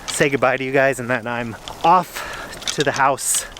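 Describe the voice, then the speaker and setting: A man's voice: medium pitch, measured pace, noisy background. A man vlogging as he plays a round of golf outdoors in the cold, slightly out of breath and self-deprecating. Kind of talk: casual talk to camera while golfing.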